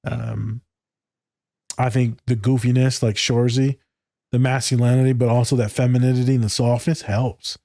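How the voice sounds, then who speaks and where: A man's voice: mid-range voice, flat delivery, normal speed, vocal fry, mellow, no room sound. Candid, swearing man. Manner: loose and candid, swears freely, acts out quoted dialogue. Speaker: podcast co-host. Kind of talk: casual podcast chat.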